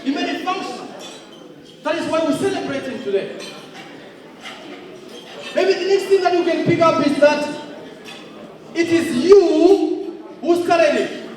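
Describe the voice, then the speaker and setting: A man giving a motivational speech at an awards event, emphatic and often shouting. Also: very high voice. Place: large indoor hall. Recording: echoey hall from far off.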